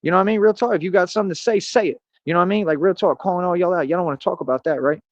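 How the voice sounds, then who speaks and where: A man's voice: high-pitched, very fast, no echo. Boastful man ranting on stream. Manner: boastful, confrontational street slang. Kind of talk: casual ranting monologue. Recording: dull lo-fi stream audio.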